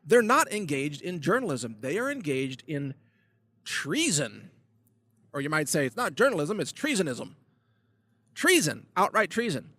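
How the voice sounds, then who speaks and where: A man's voice: fairly high pitch, big pitch swings, unhurried, bright, forceful tone, dry recording. A man hosting his own political video blog, delivering a sarcastic, emphatic rant. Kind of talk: ranting political commentary.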